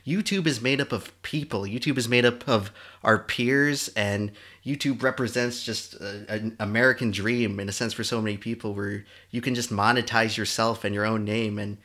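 Bright-toned man, earnest podcast musing. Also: lowish voice, fairly even intonation, moderate pace, hardly any pauses. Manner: earnest, articulate, wry. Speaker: podcast co-host. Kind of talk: casual podcast chat.

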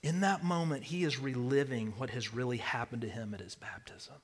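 A man preaching a sermon, swinging between loud declarations and hushed near-whispers. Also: mid-range voice, normal speed. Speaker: pastor.

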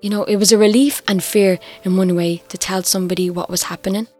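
A middle-aged Irish woman telling her own story, candid and reflective, quietly emotional. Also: mid-range voice, steady tone, quick pace. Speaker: interviewee. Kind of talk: personal testimony. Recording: faint music underneath.

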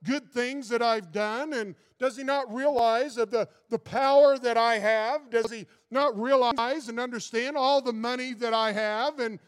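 A preacher acting out a proud, offended male religious ruler who piles up exasperated questions about his own standing. The voice is high and smooth, and it rings out with a long hall reverb. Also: a little slow, few pauses. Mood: indignant. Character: proud, indignant male Pharisee leader.

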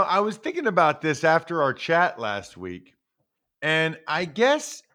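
A man's voice: fairly high pitch, fairly bright tone. A man co-hosting a sports show from home, rambling enthusiastically with lots of fillers. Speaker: football analyst co-host. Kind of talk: casual chat.

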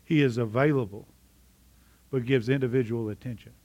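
A man's voice: medium pitch, fairly even intonation, moderate pace, a little mellow, muffled recording. A middle-aged man preaching a sermon in a conversational way, often asking his congregation questions. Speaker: pastor.

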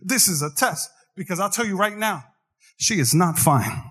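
A man's voice: high voice, animated, moderate pace, fairly bright tone. A man preaching a sermon, joking with the crowd and swinging into singsong rises. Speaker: pastor. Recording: long hall reverb.

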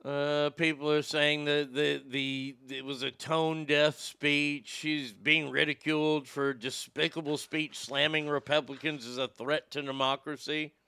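A man's voice: a little high, flat delivery, measured pace, hardly any pauses, bright, forceful tone, clean tone, no room sound. A man hosting a crude, sarcastic political commentary show, swearing and mocking as he reads the news. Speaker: show host.

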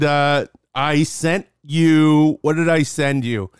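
A man's voice: a little high, steady tone, takes it slowly, smooth, dry recording, studio quality. A young man co-hosting a podcast in a playful, rambling way, often restarting his sentences. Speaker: podcast co-host. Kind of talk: casual podcast chat.

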